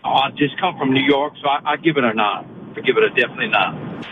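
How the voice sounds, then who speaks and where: A man's voice: medium pitch, fast talker, close to an everyday voice. Male earnest Louisiana caller, tinny phone line, road noise behind. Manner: earnest and thankful.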